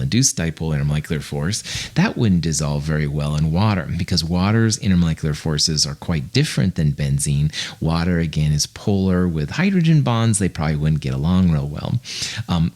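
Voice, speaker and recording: A man teaching a recorded chemistry lecture in a relaxed, conversational way, with fillers and small asides. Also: deep voice. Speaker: chemistry instructor.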